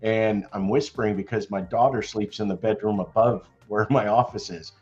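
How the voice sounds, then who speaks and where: Older guy on a call, lowish voice, kinda muffled lo-fi sound, loud and chatty. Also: steady tone, normal speed, soft background music. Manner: loud, chatty, laughs often. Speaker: stock trading chat member. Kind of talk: casual chat.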